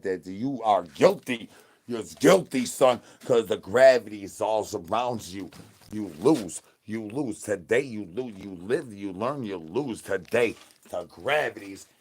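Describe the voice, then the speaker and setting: A lightly acted, lowish male voice brings a starving, crude zombie to life as he streams to his chat. The performer, a livestream entertainer, does in-character comedy full of slang-laden rambling and repeated begging catchphrases.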